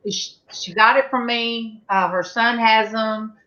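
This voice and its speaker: Speaking with a Southern US accent, this middle-aged woman leads a relaxed panel conversation and wanders through stories thick with fillers and false starts. Her voice sits fairly high, steady and unhurried, with a pushed, bright quality. Audio is dull and lo-fi.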